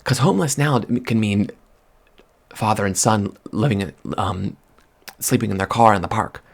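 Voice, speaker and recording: A man rambling in soft-spoken ASMR chat at a close microphone, drifting from hushed murmurs to excited outbursts. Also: on the low side, moderate pace, vocal fry. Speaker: vlogger.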